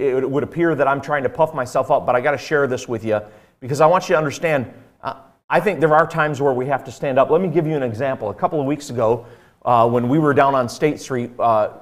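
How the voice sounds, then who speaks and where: Earnest male preacher, mid-pitched, storytelling sermon. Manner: earnest, conversational preaching with frequent fillers.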